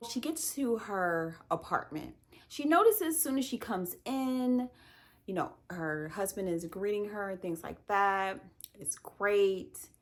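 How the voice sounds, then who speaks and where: A woman giving a casual, chatty book review, animated and opinionated. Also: mid-range voice, measured pace.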